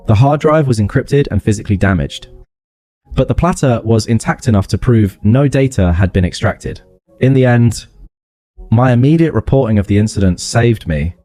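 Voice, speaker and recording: Calm, flat-voiced male narrator. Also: on the low side. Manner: flat, calm, matter-of-fact. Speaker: story narrator. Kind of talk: scripted first-person story narration.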